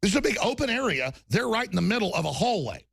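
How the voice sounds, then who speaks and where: A middle-aged man hosting heated political talk, combative and fast, mocking people with put-on quotes. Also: high voice, sing-song, vocal fry, a bit bright, husky, no room sound. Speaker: talk show host.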